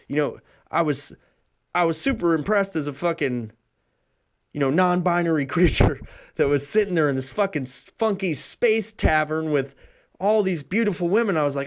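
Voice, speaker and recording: A man in his thirties, a podcast host, telling a profane, exaggerated comic story in a solo rambling monologue. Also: moderate pace. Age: 30s. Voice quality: profane, exaggerated storytelling with bursts of high put-on voices.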